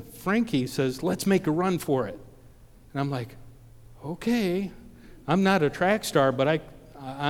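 A preacher from Ohio telling a personal story in a sermon, acting out the voices of the people in it and often repeating his words. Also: mid-range voice. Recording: long reverb of a large hall.

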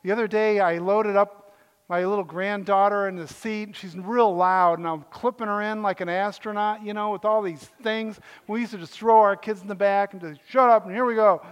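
Older man, pastor, high voice, chatty joking sermon, echoing hall reverb. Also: fairly even intonation, normal speed, clean tone. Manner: joking, conversational preaching with asides.

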